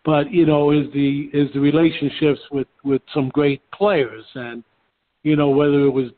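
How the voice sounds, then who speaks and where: A man's voice: a little high, moderate pace. Brash man telling stories over a phone-like line. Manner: brash, animated storyteller. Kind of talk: casual storytelling. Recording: phone-like narrow sound.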